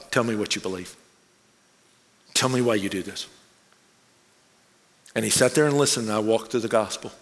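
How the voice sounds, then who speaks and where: A man preaching a sermon, telling a personal story in an animated way and acting out the people he quotes. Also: mid-range voice. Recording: long reverb of a large hall.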